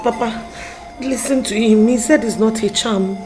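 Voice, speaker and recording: A woman's voice: normal speed, lightly acted. An actress with a Nigerian accent playing a young, desperate daughter who cries out shrilly, with her voice heard from a distance over music. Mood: anxious. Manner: shrill, crying out. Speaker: actress in a film drama.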